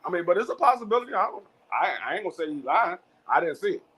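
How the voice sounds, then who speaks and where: A man talks boxing as co-host in a casual chat. His voice sits high for a man. He stammers through restarts and acts out what others said. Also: racing, rough recording. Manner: stammering restarts, animated retelling.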